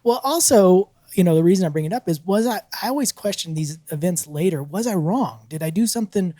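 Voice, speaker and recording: A man's voice: sits high, brisk, no room sound. A man co-hosting a podcast, telling a story casually, laughing often and acting out what people said. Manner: animated, laughs often, acts out quotes. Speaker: podcast co-host.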